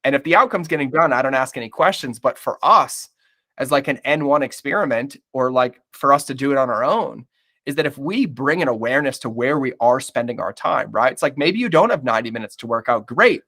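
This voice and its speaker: A man's voice: mid-range voice, expressive, brisk, pushed and bright. A man talking candidly as a podcast guest, blunt and emphatic, swearing often and calling the listener "bro".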